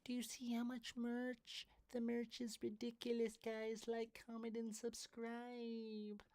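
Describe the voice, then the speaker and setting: A man imitating an excited woman bragging about merchandise sales in a gushing, high-pitched voice. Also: slow, slight background noise, full character voice. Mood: giddy.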